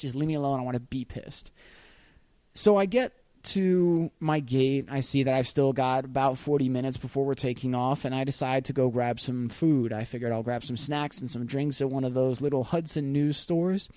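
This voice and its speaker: A man's voice: fairly high pitch, warm tone, no room sound. A man hosting his own podcast, telling a candid personal story in a conversational, reflective way with light laughs. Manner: conversational, acts out his own thoughts in quoted voices. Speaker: podcast host.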